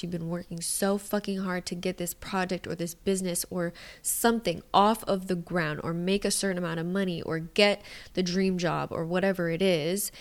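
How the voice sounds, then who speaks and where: A woman hosting a solo podcast, talking in a casual, frank way, swearing freely and sometimes dropping into quiet asides. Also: fairly low pitch. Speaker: podcast host.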